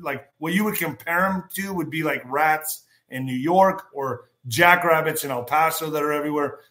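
Bright-voiced rambling man. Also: fairly high pitch. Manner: rambling, anecdotal, keeps clearing his throat. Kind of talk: casual storytelling monologue.

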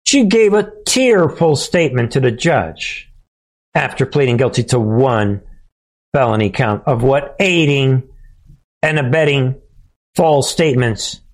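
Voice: mid-range voice, lively intonation, unhurried. A political commentator giving mocking commentary, sarcastic and often laughing, addressing the viewers as folks.

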